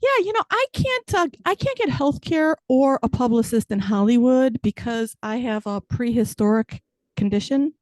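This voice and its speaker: A woman's voice: fairly high pitch, lively intonation, moderate pace, darkish tone, no room sound. A middle-aged woman from Chicago doing a stand-up set over a video call, in a dry, self-mocking way. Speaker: stand-up comedian.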